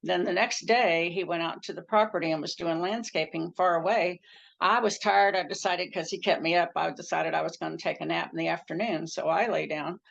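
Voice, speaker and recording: Woman, low gravelly voice, earnest personal storyteller; dull lo-fi recording. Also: fairly even intonation, fairly quick. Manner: earnest, acts out quoted speech with pitch jumps. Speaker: near-death experience storyteller.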